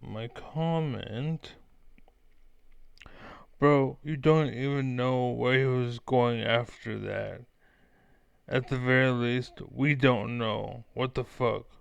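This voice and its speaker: A man's voice: mid-range voice, fairly even intonation, slow, vocal fry, clean tone, no echo, highs cut off. A man streaming a heated, profane reaction rant, talking back to a clip. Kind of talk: ranting reaction commentary.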